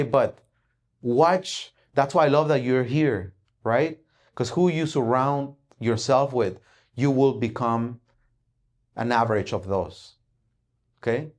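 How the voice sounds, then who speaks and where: Animated man telling a parable. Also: medium pitch. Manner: animated storytelling, acts out dialogue, frequent "right?" tag. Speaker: speaker at an investing event. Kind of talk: motivational talk with a parable.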